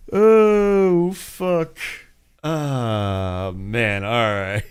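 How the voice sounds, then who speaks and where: A man's voice: fairly high pitch, animated, slow, bright, forceful tone, smooth. A man in his forties from the United States, hosting a casual entertainment news chat, rambling and swearing with frequent laughs. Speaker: host.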